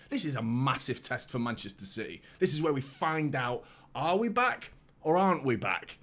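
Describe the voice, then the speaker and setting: A man hosts a live football watchalong in excitable, chatty talk, greeting viewers by name and often repeating himself. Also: on the high side, normal speed. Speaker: fan channel host.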